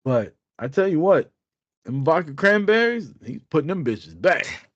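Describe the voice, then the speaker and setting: A man's voice: fairly high pitch, very animated, measured pace, dry recording, dull audio. A man co-hosting a podcast, telling a rambling, profane story in casual chat. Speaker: podcast co-host.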